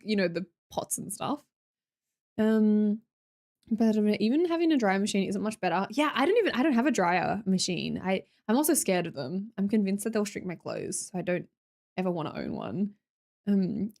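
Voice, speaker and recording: A young Australian woman streamer chatting casually with her viewers, blunt and sweary, laughing often. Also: medium pitch.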